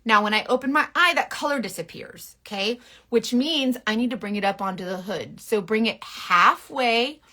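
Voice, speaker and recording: A bright-voiced woman with a twang talks through a makeup tutorial to camera. She is frank and bossy in a playful way, tossing in quick asides as she goes. Her voice sits a touch high. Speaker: makeup influencer.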